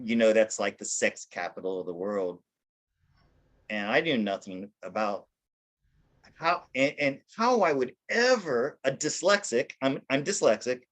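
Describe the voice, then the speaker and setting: His voice mid-range and fairly bright, a man shares his life story during a relaxed video-call interview. It comes out rambling and full of restarts and self-corrections, and he's self-deprecating, laughing at his own expense.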